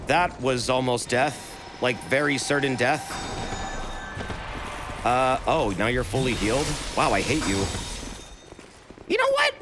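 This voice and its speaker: A man streaming a video game, chatting casually, swearing freely and yelling at enemies. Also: mid-range voice, unhurried, background noise. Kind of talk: casual gameplay commentary.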